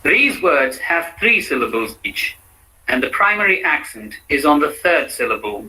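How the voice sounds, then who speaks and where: A man reading out the instructions for a pronunciation drill in a measured, explanatory way. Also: on the high side, big pitch swings, pushed and bright, low-quality recording. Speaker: language lab instructor. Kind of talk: scripted pronunciation lesson.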